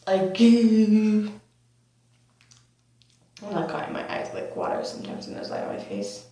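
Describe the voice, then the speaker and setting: A young woman in her teens telling a storytime vlog in a rambling, filler-heavy way with bursts of excitement, recorded on a camera mic at home. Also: mid-range voice, fast talker. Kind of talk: storytime vlog, casual chat. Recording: very echoey room, faint hum.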